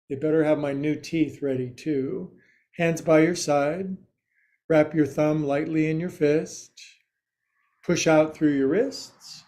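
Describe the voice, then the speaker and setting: Brief: male yoga teacher, slightly high voice, unhurried, jokey asides between cues. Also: darkish tone. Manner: slow and joking, with quirky asides. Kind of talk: guiding a yoga class.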